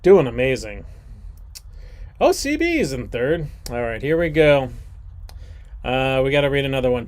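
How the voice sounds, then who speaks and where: Jokey male quiz host in his forties with a lively, bouncing delivery. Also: mid-range voice, moderate pace, pauses often. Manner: jokey, rambling asides, animated. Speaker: trivia game host. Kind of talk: livestreamed trivia hosting.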